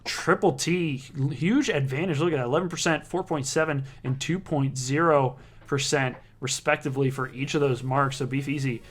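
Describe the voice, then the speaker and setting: A man's voice: mid-range voice, normal speed, fairly bright tone. A man hosting a live online darts broadcast, introducing players and standings in a casual, joking way and often correcting himself mid-sentence. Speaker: league broadcast host.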